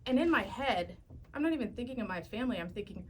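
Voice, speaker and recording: Animated woman telling a story on radio. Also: a little high, fast, a little hiss or hum. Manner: animated, lively storyteller, laughs while telling. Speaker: radio station graphic designer, guest. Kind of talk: casual radio talk-show storytelling. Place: radio studio.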